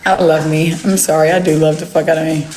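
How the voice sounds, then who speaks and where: A woman's voice: low voice, flat delivery, quick pace, a little mellow, echoey room, a little hiss or hum. A woman chatting casually on a livestream from home, brash and profane, teasing and trash-talking. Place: at home indoors. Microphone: phone livestream.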